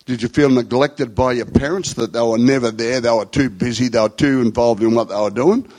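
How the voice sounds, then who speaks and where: A man's voice: mid-range voice, brisk, darkish tone, low-quality recording. A middle-aged man with an Australian accent, telling rambling, slangy stories in a conversational talk to a group.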